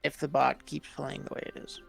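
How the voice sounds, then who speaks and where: A man's voice: medium pitch, monotone, brisk, creaky, fairly bright tone, soft background music. A man co-commentating an online strategy game in casual chat, breaking down strategy. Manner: analytical, gives strategic advice.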